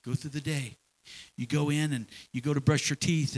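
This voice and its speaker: A man preaching a sermon in a church, folksy and animated, with homespun examples and repeated phrases. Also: fairly high pitch, normal speed, poor audio. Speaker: pastor.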